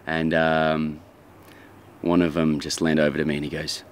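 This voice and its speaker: Australian man, very low voice, lively anecdotes, faint hiss behind. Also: normal speed. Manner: animated storyteller, acts out quotes. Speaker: actor recalling a film shoot. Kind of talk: casual interview anecdotes.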